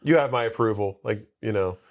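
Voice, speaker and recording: A man's voice: lowish voice, fairly quick, lo-fi sound. A man casually retelling a movie plot on a podcast, rambling with many asides and quoted lines. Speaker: podcast co-host. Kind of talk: casual movie recap chat.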